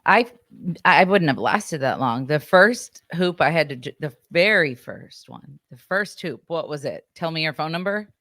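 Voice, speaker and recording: A woman's voice: sits low, expressive, moderate pace, fairly bright tone, no echo, studio quality. A woman co-hosting a podcast, chatting casually and a little hesitantly, often restarting her sentences. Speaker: podcast co-host. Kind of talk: casual chat.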